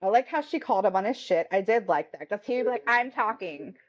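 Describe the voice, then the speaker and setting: A woman's voice: mid-range voice, expressive, quick pace, mellow, dull audio. Blunt, foul-mouthed woman podcaster. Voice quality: profane, blunt, mimics people in quotes. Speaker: podcast co-host. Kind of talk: casual chat.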